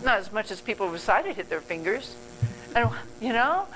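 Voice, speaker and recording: A woman's voice: mid-range voice, big pitch swings, normal speed, a bit bright, a little hiss or hum, rough recording. An older woman giving a motivational talk as a guest speaker at a club meeting. She speaks earnestly, rambles and corrects herself mid-sentence.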